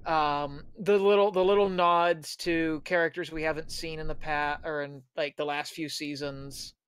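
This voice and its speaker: A man hosting a casual group podcast, rambling and halting with many fillers. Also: a little high, steady tone, fairly bright tone, clean tone. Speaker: podcast host.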